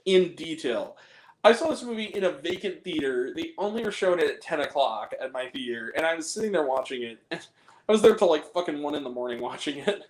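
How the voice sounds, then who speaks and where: A man chatting casually on a film review podcast, animated and profane, laughing often as he rants. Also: on the high side, a little fast, echoey room, poor audio. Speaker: podcast co-host reviewing films. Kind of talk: casual chat.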